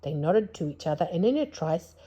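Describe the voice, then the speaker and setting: Woman gently reading a children's story. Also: lowish voice, sing-song, brisk, husky, highs cut off. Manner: gentle, hushed at tense moments.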